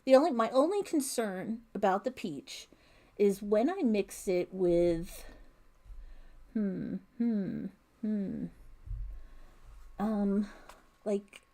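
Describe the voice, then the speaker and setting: A middle-aged woman chats through a home crochet livestream, reading viewer comments aloud. She talks slowly and easily, her voice mellow and soft-edged. A plain desk mic picks her up at home. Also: mid-range voice, animated. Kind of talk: casual livestream chat. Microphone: desk mic picking up room sounds.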